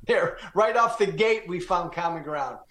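A man's voice: high voice, expressive, a little slow, fairly bright tone, roomy sound. A male political guest from Illinois giving blunt, emphatic commentary. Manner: blunt, emphatic, repeated uhs.

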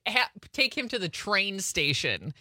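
Radio co-host lady, bright and super animated, teasing and bossing her partner, dry studio sound. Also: mid-range voice, unhurried, dry recording. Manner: teasing, playfully scolding. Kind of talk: morning radio banter. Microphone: studio microphone.

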